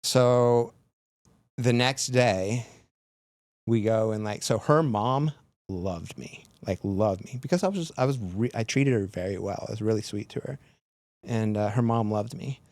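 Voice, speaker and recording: Podcast guest, man with a low voice, tells a story loosely with lots of fillers, dry close mic. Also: measured pace, darkish tone, no room sound. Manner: rambling, filler-heavy retelling with lots of "like". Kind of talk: casual storytelling.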